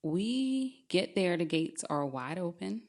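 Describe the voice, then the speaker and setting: A young adult woman telling a true spooky story on a podcast, lively and often laughing as she talks. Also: on the low side, takes it slowly.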